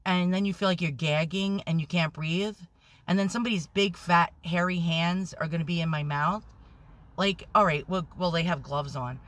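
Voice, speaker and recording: A woman vlogging on her phone from inside a parked car, rambling anxiously, swearing a lot and talking loudly when nervous. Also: on the low side, normal speed. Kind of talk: nervous selfie vlog.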